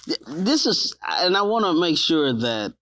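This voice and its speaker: A man's voice: fairly high pitch, big pitch swings, measured pace, sharp tone. A man hosting a faith-based talk show, affirming his guest and speaking directly to the viewers. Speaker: host.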